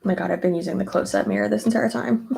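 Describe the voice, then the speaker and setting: A young woman talking through her makeup routine in a loose, rambling way. Her voice is husky and slightly gravelly, with a mellow, relaxed tone. She fills her sentences with likes and ums. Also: medium pitch, fast talker. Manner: chatty, rambling with many fillers. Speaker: beauty vlogger. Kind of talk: casual get-ready-with-me chat.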